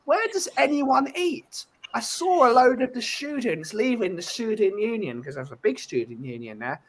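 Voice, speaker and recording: A man rants in casual podcast chat, piling on swearing and comic exaggeration. His pitch swings widely as he goes, with faint background noise in the recording. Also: very animated, normal speed, a bit bright, rough recording. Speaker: podcast co-host.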